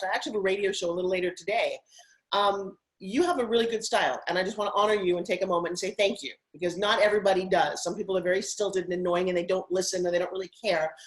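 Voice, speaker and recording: A middle-aged woman from Long Island, a guest on an interview show, telling her life story in an energetic, effusive way. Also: mid-range voice, rough recording. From Long Island, New York. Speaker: guest, TV host and fitness spokesperson. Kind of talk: interview conversation.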